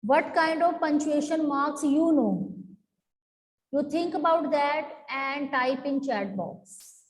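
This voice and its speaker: A woman teaching an online English class, explaining slowly and drawing out her words. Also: sits high, lively intonation. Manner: slow, explanatory, drawn-out words. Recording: echoey hall-like room.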